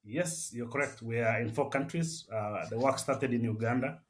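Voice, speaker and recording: A Kenyan man in his forties, a missionary and campus pastor, answering interview questions in a measured way with many "uh" fillers. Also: mid-range voice.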